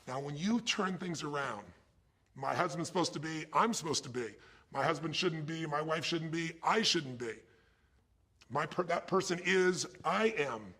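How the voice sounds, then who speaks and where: Middle-aged guy giving a pep talk, gravelly husky voice, keeps asking the crowd questions. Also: fairly high pitch, moderate pace, bright, forceful tone. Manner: emphatic, poses questions to the audience. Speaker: motivational speaker. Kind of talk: motivational talk.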